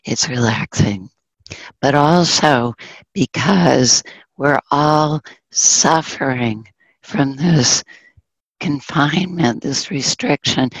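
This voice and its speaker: Low, husky woman telling a slow dharma story. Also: no room sound, poor audio. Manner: gentle storyteller, drops into soft whispers. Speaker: Buddhist dharma teacher.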